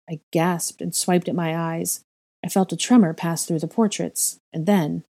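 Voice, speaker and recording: Woman narrator for story reading, calm and steady, low mellow voice. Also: moderate pace, gravelly. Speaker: reader. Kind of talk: audiobook-style fiction reading.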